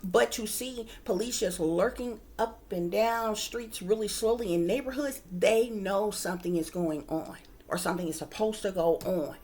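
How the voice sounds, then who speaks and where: A woman's voice: mid-range voice, normal speed, few pauses, a little mellow. A woman working as a psychic reader, telling her viewers a story in casual, emphatic talk, often calling them "y'all" and swearing freely.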